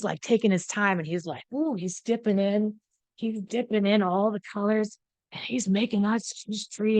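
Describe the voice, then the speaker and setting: A woman host tells a story in a chatty, animated way, often repeating her words. Her voice sits at a middling pitch. The recording is dry and close. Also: no room sound. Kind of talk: casual storytelling talk.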